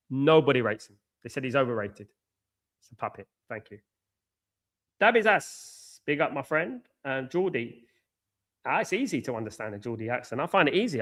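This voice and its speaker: A man's voice: fairly high pitch, fairly bright tone. An English man hosting a live football watchalong, reading out viewer comments and giving blunt, opinionated takes, often repeating himself. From England.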